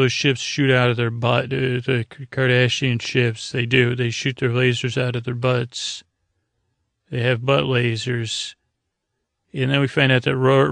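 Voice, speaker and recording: Creaky, flat-voiced man rambling. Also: mid-range voice, no echo. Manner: rambling, halting, full of fillers. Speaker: podcast host. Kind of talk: casual episode recap for sleep.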